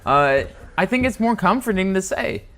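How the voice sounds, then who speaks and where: A man's voice: sits high, very animated, a bit bright. A man co-hosting a talk show, speaking cautiously and choosing his words carefully. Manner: cautious, measured, searching for words. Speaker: co-host. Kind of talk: casual talk show discussion.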